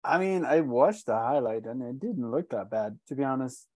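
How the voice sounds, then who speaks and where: A man speaking as a panelist in a casual football chat. His voice is dark and mellow at a middle pitch, and he talks haltingly before landing on blunt remarks. The recording is dry and close. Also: animated, no echo. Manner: blunt, hesitant, trash-talking.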